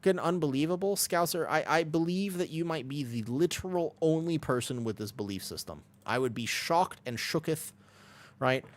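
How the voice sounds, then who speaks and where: Animated young male streamer, lively pitch. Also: normal speed. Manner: rambling, animated, reads chat and answers. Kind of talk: casual chat while gaming.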